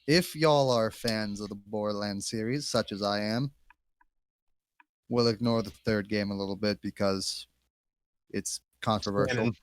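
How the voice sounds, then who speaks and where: Male co-host with a smooth voice, wry, dry close mic, keeps the chat moving. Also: lowish voice, steady tone, a little slow, no echo. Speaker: podcast co-host. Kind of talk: casual gaming podcast banter.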